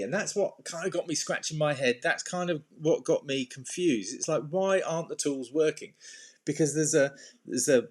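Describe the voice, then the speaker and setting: A man coaching on anxiety in a casual, rambling talk, full of fillers and restarts, with sudden playful bursts. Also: mid-range voice. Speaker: anxiety and self-esteem coach. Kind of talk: casual talk to camera with slides.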